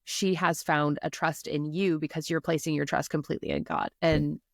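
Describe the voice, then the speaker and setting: A woman's voice: low voice, steady tone, normal speed, gravelly, no echo, clean studio sound. A woman in her forties hosting a faith-minded business podcast, affirming her guest and often adding "right?". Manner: warm, affirming, faith-talk, frequent "like" and "right?". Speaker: podcast host. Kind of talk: podcast interview.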